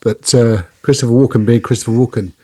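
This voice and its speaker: Husky, rambling man. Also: mid-range voice, fairly even intonation, dark tone, no echo. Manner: rambling, halting, many fillers and restarts. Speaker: podcast co-host. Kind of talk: casual chat.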